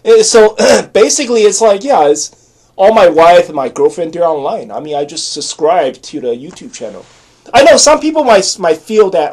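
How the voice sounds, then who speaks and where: A man's voice: sits high, lively intonation, moderate pace, a little mellow. A man in his forties, a channel host talking in a rambling, repetitive and blunt casual monologue to camera. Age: 40s.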